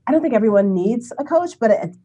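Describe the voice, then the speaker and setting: A woman in her forties from Brooklyn, New York City, telling a story as an interview guest in a chatty, animated way, acting out remembered dialogue and laughing often. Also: fairly high pitch, fast, slightly rough. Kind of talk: casual conversational storytelling.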